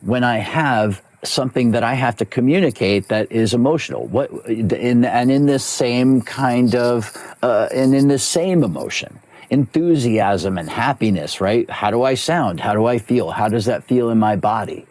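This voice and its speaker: A man's voice: mid-range voice, animated, moderate pace, a little mellow, dry recording. A man who works as a voice actor and coach, explaining his craft in an interview and repeating key phrases for emphasis.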